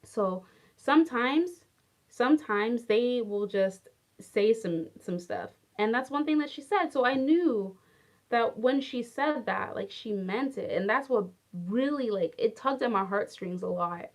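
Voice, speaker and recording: Young woman, chatty storyteller, fairly high voice, lots of "like". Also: a little slow. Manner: chatty, heavy use of "like", animated and affectionate. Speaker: former English teacher in Japan. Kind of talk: casual storytelling vlog.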